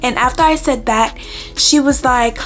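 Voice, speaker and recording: A woman with a fairly high voice talks straight to her viewers in a casual storytime vlog. She is animated and acts out the quoted lines of the exchange she describes. Music plays faintly underneath. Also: moderate pace. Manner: animated, retells arguments with quoted back-and-forth. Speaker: vlogger.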